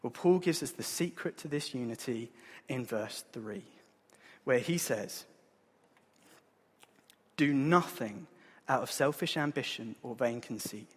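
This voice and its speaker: A man, preaching a sermon in an earnest, conversational way, with a husky voice. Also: mid-range voice, measured pace, long pauses. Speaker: pastor. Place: church hall. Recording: long hall reverb.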